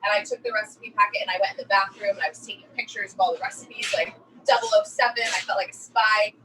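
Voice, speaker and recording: Chatty jersey-raised lady chef on a video call, bright voice, bit far off with faint room hiss. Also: medium pitch, fast talker. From New Jersey. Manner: chatty, animated storyteller. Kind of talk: virtual cooking class storytelling.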